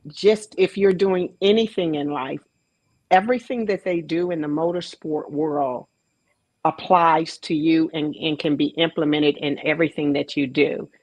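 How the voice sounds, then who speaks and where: Low-pitched woman, slow storyteller, host introducing a guest; dry recording. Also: dry recording, poor audio. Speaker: panel host, track coach. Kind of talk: event introduction speech.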